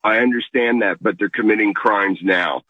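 A male caller on a talk radio show, his very low voice squeezed through a tinny phone line. He lays out his point earnestly and in a measured way. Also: dry recording.

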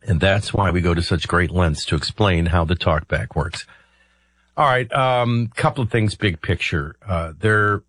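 Low husky-voiced male radio host. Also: a bit bright, dry recording. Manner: rambling, explanatory, with filler ums and uhs. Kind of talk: conversational political commentary.

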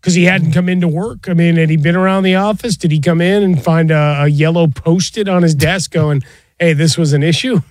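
A man's voice: a little high, fairly even intonation, a little fast, no echo. A man in casual chat, wondering aloud in short remarks.

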